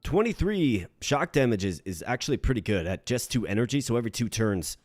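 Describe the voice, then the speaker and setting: A man from Minnesota streaming a game, chatting with his viewers and thinking his moves through out loud. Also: a little fast, no echo, soft background music. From Minnesota, United States. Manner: animated when greeting chat, low and muttering while planning moves. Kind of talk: live-streamed game commentary.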